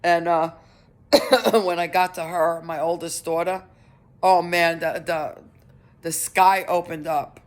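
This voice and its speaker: A middle-aged woman giving a personal update on her vlog, talking in an earnest, halting way with many restarts. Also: lowish voice, fairly even intonation. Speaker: vlogger.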